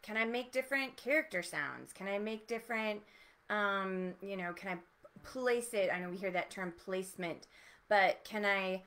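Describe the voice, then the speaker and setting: Woman voice teacher, bright tone, encouraging, explains vocal exercises in a chatty way. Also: medium pitch, moderate pace. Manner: encouraging, explains with easy spoken vocal demonstrations. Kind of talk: online voice lesson.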